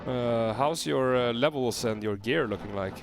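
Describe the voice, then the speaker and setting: A man streaming a video game, chatting casually with viewers and answering their questions with relaxed filler pauses. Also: mid-range voice.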